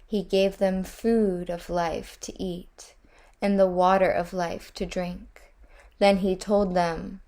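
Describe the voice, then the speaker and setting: A woman reading a storybook aloud in a measured, deliberate way. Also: fairly low pitch, level tone, warm tone.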